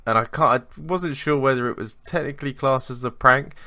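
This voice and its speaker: A podcast co-host with a medium-pitched, slightly fast voice tells a rambling work story in casual chat. His tone is bright and forceful, and the recording is dry and studio quality. He swears and laughs at his own stories as he goes.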